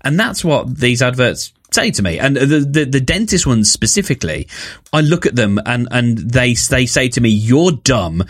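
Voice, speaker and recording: A man's voice: medium pitch, lively intonation, normal speed, a bit bright. A British man co-hosting a casual comedy chat, ranting animatedly and slipping into mocking voices. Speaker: podcast co-host.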